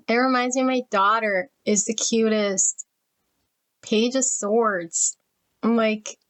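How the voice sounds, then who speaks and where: On a low-quality recording, a middle-aged woman speaks at medium pitch while reading tarot. She gushes over each card and gets emotional as she goes through the deck.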